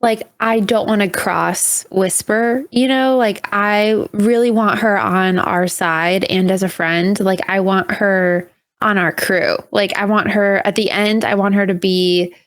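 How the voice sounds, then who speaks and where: A woman's voice: mid-range voice, fairly even intonation, a little slow, no echo. Earnest woman, dry close sound. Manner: earnest, with many "you know" and "like" fillers. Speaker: tabletop game player. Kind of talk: casual chat about a tabletop campaign.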